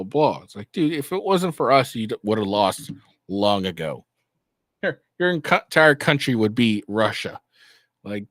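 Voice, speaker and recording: A man's voice: on the low side, a bit bright, no room sound, clean studio sound. A man hosting a political commentary vlog, ranting in a mocking, profane way. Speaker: host.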